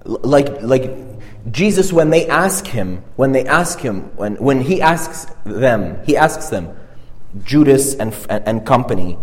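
Preacher, male, mid-pitched: earnest and informal, stumbles and restarts, long hall reverb. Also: sing-song, darkish tone. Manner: earnest, halting, repeats and restarts phrases. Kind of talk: conversational sermon.

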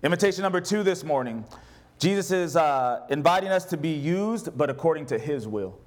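A man's voice: fairly high pitch, animated, brisk. A male pastor preaching a sermon, reading scripture aloud and putting questions to his congregation.

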